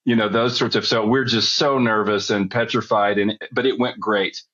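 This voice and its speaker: A man's voice: fairly low pitch, fairly even intonation, moderate pace, a bit bright, dull audio. A middle-aged man, a podcast guest, telling a story in a chatty, rambling way that often backtracks.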